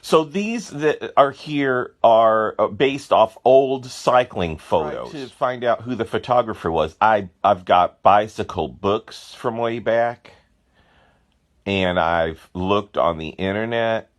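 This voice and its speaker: A man, a painter, chatting casually about his artwork. He rambles through excited stories full of asides and exclamations. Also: on the low side, takes it slowly. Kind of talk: casual chat.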